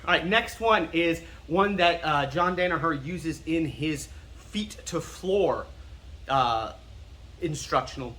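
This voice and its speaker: An American martial arts instructor explaining terms in a casual teaching style. He is self-confessedly nerdy and repeats words slowly to drill their pronunciation. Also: a little high, bright, forceful tone. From United States.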